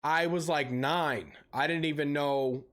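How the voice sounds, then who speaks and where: A man's voice: on the high side, a little slow. A young adult man streaming a game, ranting with heavy swearing and telling stories in a casual way. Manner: profane ranting with animated storytelling. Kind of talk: casual live-stream chat.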